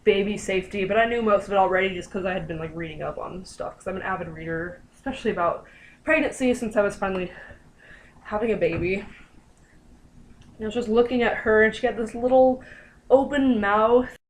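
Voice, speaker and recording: A woman's voice: mid-range voice, fairly quick, a little hiss or hum, low-quality recording. Chatty young woman telling a story. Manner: chatty, lots of fillers, animated quoting. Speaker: vlogger. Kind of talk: casual storytelling.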